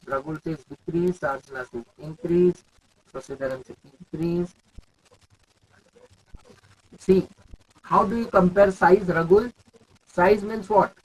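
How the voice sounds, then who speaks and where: In this poorly recorded clip, a young Indian English-accented man leads a live online chemistry lesson. He has a high voice with a breathy edge, and he calls on students by name and asks his questions more than once.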